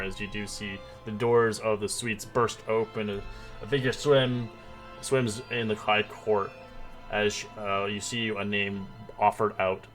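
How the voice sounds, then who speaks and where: A man narrates as the game master of a tabletop game, rambling along with frequent pauses and restarts. His voice sits on the low side. Faint instrumental music plays behind. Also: sharp tone. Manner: rambling, many ums and restarts.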